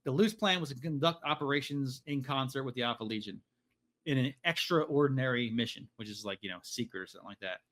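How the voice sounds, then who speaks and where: A man's voice: mid-range voice, fast talker, a bit bright. A man hosting a podcast, casually recapping a novel in a rambling way, with lots of fillers and some swearing. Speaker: podcast host.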